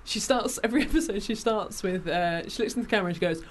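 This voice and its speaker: A woman's voice: medium pitch, quick pace, slight background noise. A woman chatting enthusiastically as a podcast guest, laughing often and acting out quotes. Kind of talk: casual chat.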